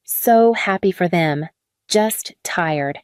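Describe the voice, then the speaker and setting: A woman reading a scripted first-person drama story in a measured, even way. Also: on the low side, smooth, dry recording, studio quality. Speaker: story narrator.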